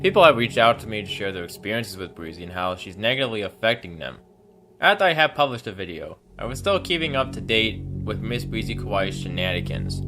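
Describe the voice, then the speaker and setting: A man narrating a commentary video in a measured, accusatory way. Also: sits low. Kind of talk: scripted narration. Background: background music.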